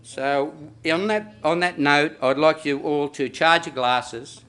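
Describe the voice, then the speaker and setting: Bright-voiced Australian father giving a wedding toast. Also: fairly high pitch, slow pace, clear, resonant tone. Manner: rambling, jokey, with many fillers and restarts. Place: wedding reception venue.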